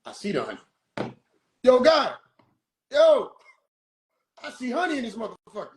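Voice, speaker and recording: A man's voice: very high voice, wildly swooping pitch, a little slow, roomy sound, a little hiss or hum, voice pushed up, exaggerated voice. A man voicing an eager, stammering self-proclaimed male seer who phones God. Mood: excited.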